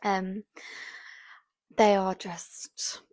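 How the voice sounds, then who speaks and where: A woman in her twenties chatting casually to camera. She rambles along with many fillers and often drops into a soft whisper. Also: mid-range voice, level tone, very slow, no echo, clean studio sound. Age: 20s. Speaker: vlogger.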